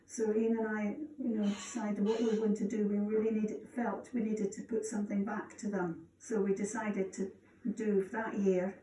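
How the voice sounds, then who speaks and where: A woman's voice: mid-range voice, normal speed. A Scottish retired teacher in her sixties speaking earnestly in an interview. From Scotland. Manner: plain, earnest, even. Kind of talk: reflective interview. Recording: echoey, distant, faint background noise.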